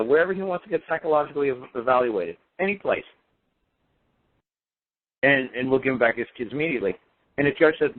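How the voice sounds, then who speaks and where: Defiant man on a tinny radio line. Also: mid-range voice. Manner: defiant, repetitive, emphatic. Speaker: radio show guest speaker. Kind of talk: impassioned personal story on talk radio.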